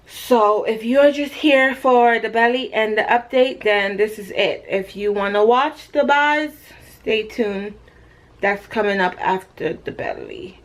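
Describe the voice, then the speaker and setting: A woman from Jamaica, in her thirties, chatting casually in a pregnancy update vlog, playful and self-mocking, talking to a camera mic. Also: mid-range voice. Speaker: vlogger.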